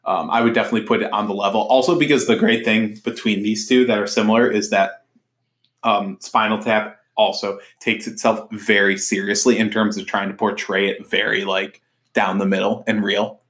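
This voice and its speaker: A man's voice: on the low side, level tone, moderate pace, a bit bright. A man co-hosting a podcast, chatting casually about movies, laughing often and quoting scenes. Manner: laughs often, quotes scenes in put-on voices. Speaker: podcast co-host. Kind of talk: casual chat.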